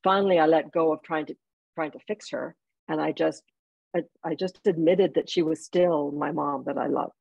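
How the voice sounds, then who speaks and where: A woman's voice: sits low, fairly even intonation, normal speed, creaky, breathy edge, dry recording, lo-fi sound. A woman from Jamaica, an author guest in an interview, telling personal stories in a heartfelt way with restarts. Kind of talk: interview conversation.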